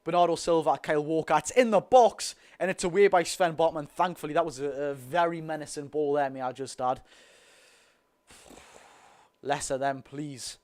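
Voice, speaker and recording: Excitable Geordie man calling a match. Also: on the high side, normal speed. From North East England. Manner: excitable, chatty, talks to the chat and the lads. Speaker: football fan streamer. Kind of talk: live watch-along commentary.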